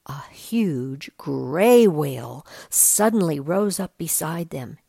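Brief: gentle picture-book reader, low husky voice, unhurried explaining. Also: female voice, lively intonation, no echo. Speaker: storyteller. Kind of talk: reading a picture book aloud, describing the pictures.

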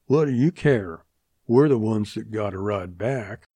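A man voicing a surly, tobacco-chewing male henchman who mutters gruffly in a western audiobook. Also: lowish voice, expressive, a little slow, dark tone, no room sound. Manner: gruff, muttering, rough grammar.

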